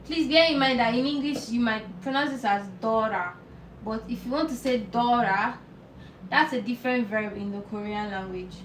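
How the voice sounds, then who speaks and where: A woman teaching a live online language lesson, patiently explaining and repeating words slowly. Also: fairly high pitch, recorded from a distance. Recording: roomy echo, off-mic, faint noise.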